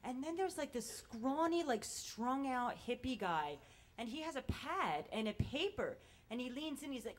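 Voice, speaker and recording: A woman telling a first-person story live on stage in a casual, animated and profane way. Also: high-pitched, normal speed.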